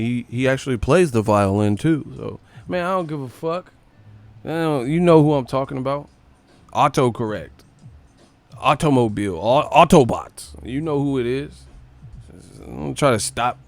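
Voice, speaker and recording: A man with a medium-pitched, gravelly voice hosts a live stream, ranting casually and animatedly about boxing. He swears a lot as he goes.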